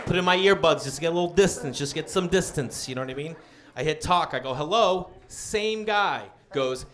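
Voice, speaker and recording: A man's voice: high-pitched, expressive, moderate pace. A man doing stand-up, telling a long story and acting out the other people's voices. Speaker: stand-up comedian. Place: comedy club stage with a laughing audience. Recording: live club recording, loud crowd and noise.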